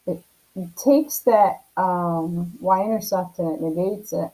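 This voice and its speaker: Low, mellow-voiced woman teaching math. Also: slow pace, low-quality recording. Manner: casual, often checks in with "right?". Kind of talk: recorded video lesson. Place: at home.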